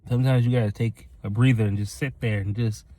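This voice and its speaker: A man's voice: mid-range voice, fairly even intonation, fast. A man giving a rambling, earnest motivational talk to his viewers, acting out other people's voices as he tells a story. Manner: rambling, earnest, addresses "ladies and gentlemen"; acts out quoted voices in his stories. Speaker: motivational vlogger.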